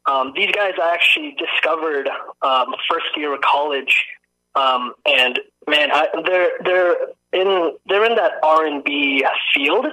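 Young male guest, bright forceful tone, easygoing and chatty. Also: a little high, measured pace, rough recording. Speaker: guest singer-songwriter. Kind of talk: casual interview conversation.

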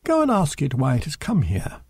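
A man voicing a calm, commanding king in a storybook reading, speaking firmly. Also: fairly high pitch, normal speed, husky, no echo, studio quality, exaggerated voice.

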